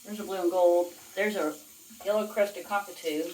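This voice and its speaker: A woman filming a casual home vlog in her bathroom, coaxing her parrot in high sing-song baby talk between chatty asides. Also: fairly even intonation, moderate pace, darkish tone, slight background noise. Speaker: vlogger, parrot owner. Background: faint running tap water.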